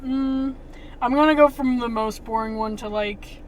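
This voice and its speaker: A woman co-hosting a casual movie review podcast, talking in a chatty, animated way full of "like". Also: fairly high pitch, unhurried. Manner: chatty, animated, lots of "like" fillers. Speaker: podcast co-host.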